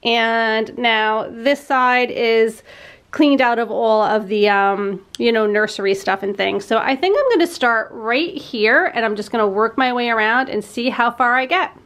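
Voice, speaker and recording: A woman in her thirties, a vlogger chatting with viewers and getting sentimental as she clears out a room at home. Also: a little high, measured pace, fairly bright tone. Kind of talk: casual vlog narration. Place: at home, in a playroom.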